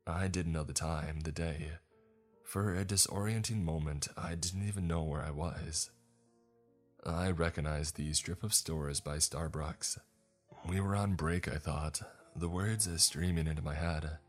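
A man narrates a first-person horror story in an extremely deep, measured voice. His delivery stays somber and steady, with quiet music playing underneath.

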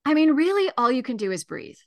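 A middle-aged woman speaks as a guest on a radio interview, sharing her expertise as a grief educator. Her delivery is calm and measured, steady and reassuring from one sentence to the next. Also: high-pitched.

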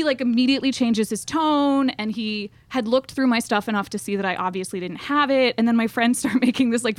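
A woman's voice: a little high, no echo. Chatty self-deprecating woman storyteller. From American South. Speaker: podcast co-host. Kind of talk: casual storytelling.

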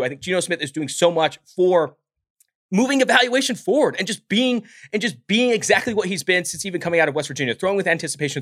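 A man co-hosting a sports podcast, talking in an emphatic, animated way and swearing now and then. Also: a little high. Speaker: podcast co-host. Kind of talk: casual sports podcast talk.

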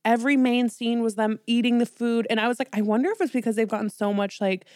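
A woman's voice: fairly high pitch, steady tone, a little mellow, dry recording, studio quality. A woman co-hosting a podcast, telling stories in a chatty, casual way. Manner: chatty, storytelling, quick asides. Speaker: podcast co-host. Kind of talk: casual chat.

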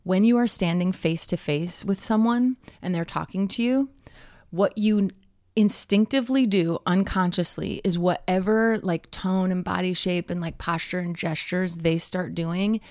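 Chatty woman podcast host, low and dry. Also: a little slow, dry recording. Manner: chatty, animated storytelling with many fillers and laughs. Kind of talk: casual chat.

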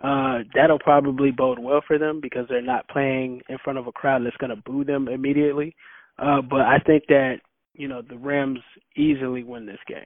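A man speaks in a relaxed, matter-of-fact way as a sports podcast co-host. His voice sits at an average pitch. It sounds dry and close, squeezed through a phone-like line. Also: moderate pace, dry recording. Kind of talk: casual sports podcast chat.

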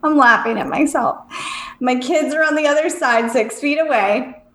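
Woman co-host, thirties, slightly high voice, blunt and self-mocking, echoey room sound. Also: normal speed, a bit bright. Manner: frank and self-mocking, laughs often. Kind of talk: casual live-stream chat. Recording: roomy echo.

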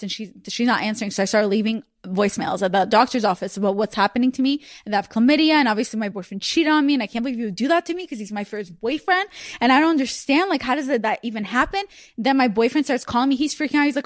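Fast-talking young woman podcast host. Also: on the high side, dry recording, clean studio sound. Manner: animated storyteller, acts out voices in quotes. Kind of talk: casual chat.

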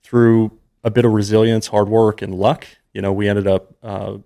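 A man's voice: fairly low pitch, little pitch movement, moderate pace, creaky, warm tone. A man in his thirties, a podcast guest, telling a personal story in an earnest, emotional, conversational way.

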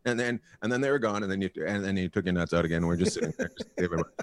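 A man's voice: low-pitched, very fast, dry recording. A male guest comedian telling a road story in casual chat, profane and laughing as he goes.

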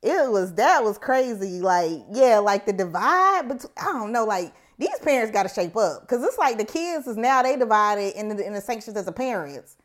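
A woman chatting casually about a TV episode, giving relaxed, slangy and opinionated reactions. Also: medium pitch, normal speed, hardly any pauses. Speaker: podcast co-host.

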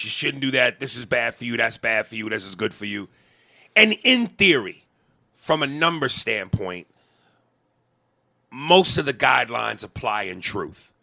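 Guy in his 40s venting on a podcast, gravelly, bright edgy tone, swears a lot, keeps restarting. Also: medium pitch. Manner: passionate, profane, stammering restarts. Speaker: podcast co-host. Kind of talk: emotional podcast rant.

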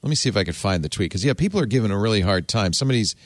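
A man hosts a casual tech podcast, animated and jokey and talking very fast, but he turns soft and low when the subject gets personal. There's no echo on the recording.

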